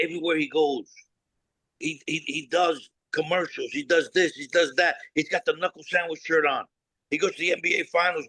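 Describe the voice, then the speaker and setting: Blunt cigar-maker guest, forceful bright voice, animated storyteller, dry close mic. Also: male voice, a little high, dry recording, rough recording. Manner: blunt, no-nonsense, swears freely, acts out dialogue. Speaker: cigar company founder, guest.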